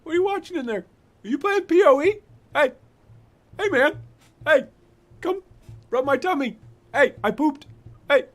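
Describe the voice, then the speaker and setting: A man voicing an excitable pet dog that jumps at a window and shouts for attention. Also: very high voice, normal speed, pauses often, voice pushed up. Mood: excited. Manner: shouty, frantic, repeating "hey".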